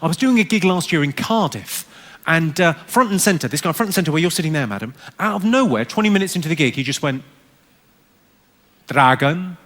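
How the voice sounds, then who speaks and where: High-voiced man doing dry stand-up. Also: lively intonation, slight background noise. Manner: dry, quick, cutting delivery. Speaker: stand-up comedian. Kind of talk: stand-up comedy routine. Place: large theatre stage with a laughing audience. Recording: live theatre recording with loud audience laughter.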